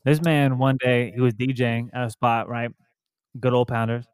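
Relaxed slangy man telling stories. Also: medium pitch, moderate pace, clean tone, no room sound, studio quality. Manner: relaxed, slangy storyteller who quotes friends. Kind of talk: casual storytelling among friends.

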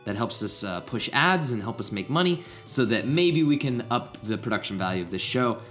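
A man's voice: mid-range voice, animated, normal speed, a bit bright, faint music behind. A young man hosting a casual podcast, chatty and laid-back, rambling a little. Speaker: podcast host.

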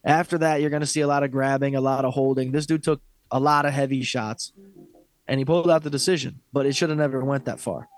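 A man's voice: medium pitch, fairly even intonation, quick pace, dry recording, soft background music. A man co-hosting a fight podcast, talking in a blunt, profane, opinionated way in casual sports chat. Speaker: podcast co-host.

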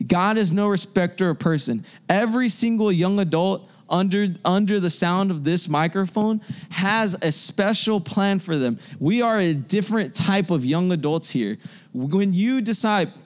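A young man preaching with a high, ringing voice. He talks fervently, circling back and repeating phrases to drive each point home, in the rhythm of a sermon to young adults. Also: normal speed. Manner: fervent, repetitive, restarts phrases for emphasis.

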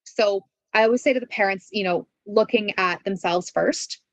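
A woman's voice: mid-range voice, moderate pace, no echo, rough recording. A woman giving parenting advice in an interview, earnest and coaching, asking many rhetorical questions and checking in with "right?". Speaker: parenting expert guest.

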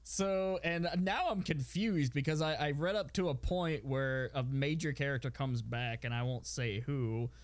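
A man's voice: mid-range voice, unhurried, hardly any pauses. A man co-hosting a podcast in casual chat, telling stories animatedly and chuckling along. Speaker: podcast co-host.

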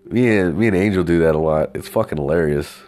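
A man telling a story in a casual, profane, rambling rant with lively swings of pitch. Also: fast talker.

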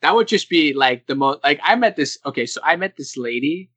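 Young man, podcast host, casual chat, bright tense voice, slightly high, dry close sound. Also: a little fast, husky, no room sound, rough recording. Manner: animated, laughing, acts out quoted people.

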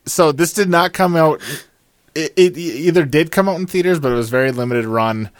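A man hosting a casual movie review podcast, relaxed and jokey, with lots of ums. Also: fairly high pitch, a little fast, no room sound. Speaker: podcast host.

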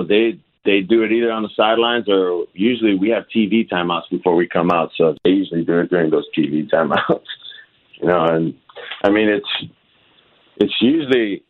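A man's voice: low-pitched, normal speed. A young man, a college quarterback guest, answering interview questions politely with frequent laughs. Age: young adult. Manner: soft-spoken, laughing, polite. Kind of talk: phone interview. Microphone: phone. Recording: tinny phone line.

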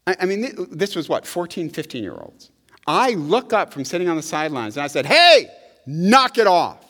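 A middle-aged male pastor preaching a conversational, animated sermon, often checking in with "right?". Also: a little high, a little fast, slightly rough. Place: church sanctuary. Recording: long hall reverb.

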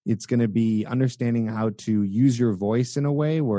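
A man's voice: a little fast, hardly any pauses, warm tone, no room sound. A young adult man, a podcast guest, explaining dating advice in steps as a coach. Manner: explains in steps, acts out nervous high-voiced examples. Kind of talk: podcast interview.

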